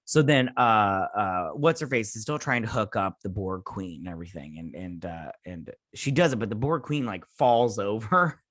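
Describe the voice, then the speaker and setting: A man's voice: fairly low pitch, normal speed, hardly any pauses, fairly bright tone, no echo, clean studio sound. A man hosting a casual episode review, rambling with many fillers and restarts. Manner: rambling, filler-heavy, self-interrupting. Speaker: show host.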